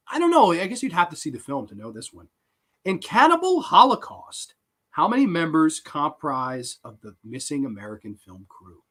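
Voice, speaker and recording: A man with a somewhat high, very lively voice hosting a live trivia stream. His tone is bright and forceful, and he swears freely as he reacts to answers from chat. Each question spills into excited banter. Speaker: host.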